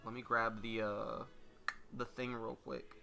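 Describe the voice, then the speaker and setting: A man hosting a fighting-game tournament stream, chatting casually, rambling and swearing with quick laughs. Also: mid-range voice, flat delivery, gravelly, pushed and bright, faint music behind. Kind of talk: casual live-stream chat.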